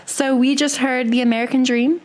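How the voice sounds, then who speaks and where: A woman's voice: sits high, steady tone, darkish tone. A woman hosting a small internet radio show, chatting casually and jumping in often. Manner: chatty, quick to jump in.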